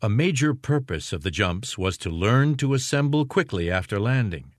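A man narrates a war history in a low voice that rises and falls with plenty of expression. His delivery is measured and storyteller-like. The recording is dry, with no room sound. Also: expressive, no echo. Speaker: audiobook narrator. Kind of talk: scripted narration.

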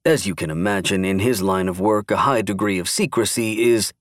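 A man voicing a forceful, flustered male official who booms out commands in an audiobook. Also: fairly quick, no echo, clean studio sound, lightly acted. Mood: guarded. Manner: booming, commanding orders.

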